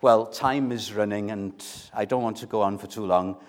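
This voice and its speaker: A man preaching an evangelistic sermon, earnest and pleading, building to forceful appeals. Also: lowish voice, fairly even intonation, normal speed.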